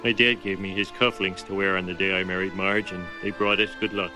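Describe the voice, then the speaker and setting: A man's voice: sits low, level tone, fairly quick, natural voice. An actor voicing a bumbling middle-aged cartoon father who loves crude gag jokes, in a clip with music playing behind him. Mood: sentimental. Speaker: father of the bride. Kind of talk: cartoon voice acting.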